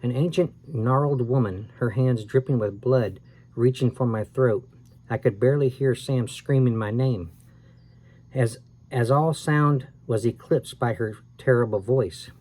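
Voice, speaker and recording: In a mid-range, unhurried, somewhat mellow voice, a man reads a scary children's book aloud. His dramatic reading is expressive, with occasional small self-corrections.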